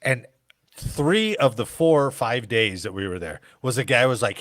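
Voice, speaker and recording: A man's voice: medium pitch, expressive, normal speed, fairly bright tone, no room sound, studio quality. A man hosting a podcast in casual chat, telling stories animatedly with some swearing. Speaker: podcast host.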